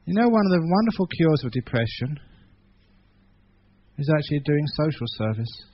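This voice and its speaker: A monk with an English accent giving a sermon, telling a story in an animated way, swinging between loud and hushed passages. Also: male voice, fairly high pitch, moderate pace, breathy edge, highs cut off. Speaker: monk giving a Dhamma talk. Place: meeting hall.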